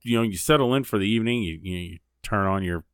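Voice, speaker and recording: A middle-aged man co-hosting a podcast, telling profane, animated stories in casual chat. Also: fairly low pitch, fast talker, smooth, no echo, studio quality. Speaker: podcast co-host.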